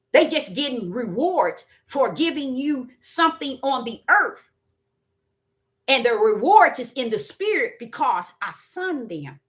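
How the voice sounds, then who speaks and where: A woman preaching a spontaneous sermon, repeating words for emphasis and swinging between loud and soft. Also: sits high. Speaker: self-styled prophet and preacher.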